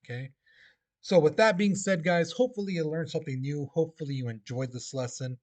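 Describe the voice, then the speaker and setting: A man's voice: on the high side, a little fast, a little mellow. A male teacher giving a casual classroom history lecture, full of fillers and "okay?" check-ins.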